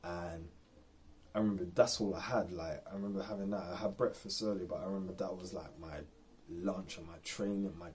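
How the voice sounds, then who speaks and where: A man's voice: low-pitched, fairly even intonation, brisk, darkish tone. A man talking candidly and in a rambling way in an unscripted personal vlog. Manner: rambling and candid, lots of fillers. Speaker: vlogger.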